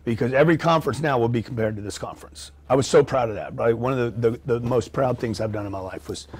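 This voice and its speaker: A man's voice: medium pitch, fast, breathy edge. A man speaking as an interview guest, brash and blunt, swearing freely. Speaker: guest, entrepreneur. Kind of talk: casual interview chat.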